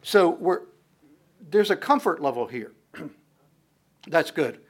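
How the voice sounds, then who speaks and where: A man's voice: a little high, takes it slowly. A man giving a conversational sermon as a pastor, switching between explanation and playful dramatized asides, often restarting his sentences. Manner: frequent fillers and restarts, animated swings in loudness.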